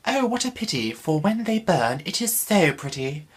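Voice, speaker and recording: A man's voice: sing-song, normal speed, husky, exaggerated voice. A man putting on a posh, prim little girl. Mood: prim delight. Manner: high affected regal tone.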